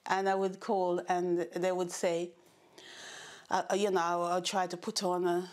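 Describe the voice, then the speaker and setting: Older woman, Jamaican accent, animated storyteller, documentary interviewee. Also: on the low side, unhurried. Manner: animated storytelling, acting out quoted remarks.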